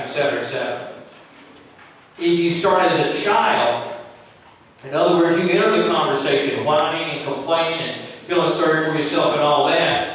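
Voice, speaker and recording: A man's voice: on the high side, fairly quick, a bit bright. A man leading a church training session, talking conversationally and acting out quoted lines as examples. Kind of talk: training talk to volunteers. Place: church room. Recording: echoey room from far off.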